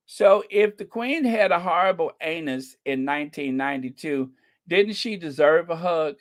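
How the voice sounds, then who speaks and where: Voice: mid-range voice, animated, measured pace. An American channel host giving casual commentary with a sarcastic, rambling, mocking manner. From United States.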